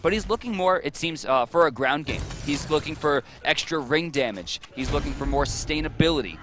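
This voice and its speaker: A male esports caster calls the match with quick, analytical commentary and bursts of excitement when the fighting starts. His voice sits a bit high and sounds bright. A faint hum of ambience runs underneath. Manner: quick, analytical, gets excited on big plays. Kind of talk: live play-by-play and analysis.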